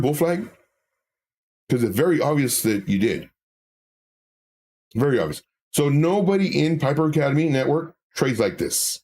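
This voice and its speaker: Animated husky-voiced man chatting on a live stream. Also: on the high side, moderate pace, pauses often. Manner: animated, candid, with filler words and self-corrections. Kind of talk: casual live-stream chat reading comments.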